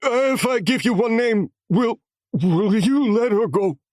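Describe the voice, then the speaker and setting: Brief: a man playing a terrified beaten captive man, begging in high sobbing cries. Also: animated, takes it slowly, a little mellow, dry recording, clean studio sound, full character voice. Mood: pleading.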